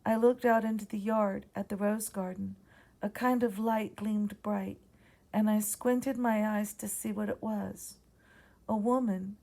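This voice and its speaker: Gravelly Southern woman telling a ghost story. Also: mid-range voice, dark tone. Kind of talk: reading her own ghost story aloud.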